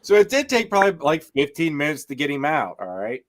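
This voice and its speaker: A man's voice: on the high side, big pitch swings, a little fast. A man telling a story in a casual chat, rambling and stumbling over his words.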